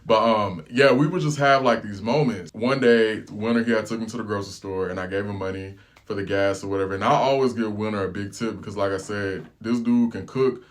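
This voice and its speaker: A man telling a casual story as a travel vlogger, animated and full of slang. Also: fairly low pitch, fairly quick.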